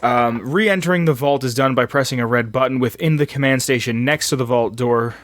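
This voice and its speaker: A man's voice: mid-range voice, fairly quick, a bit bright, no echo, clean studio sound. A man hosting a casual podcast, reading game facts aloud in a loose, swearing, chatty way. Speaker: podcast host.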